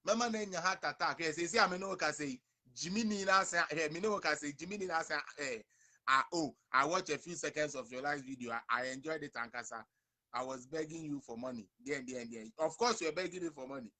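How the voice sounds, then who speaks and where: Ghanaian male host, young adult, bright forceful voice, slightly high, emphatic and repetitive livestream rant. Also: brisk. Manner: emphatic, repetitive, addresses viewers directly. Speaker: online show host. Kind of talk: livestream rant mixing English and Twi.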